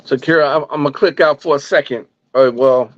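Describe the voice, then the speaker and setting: A man's voice: on the high side, quick pace. Laid-back man on a lo-fi line. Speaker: podcast co-host. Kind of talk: casual call-in chat. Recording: dull, lo-fi, dry call line.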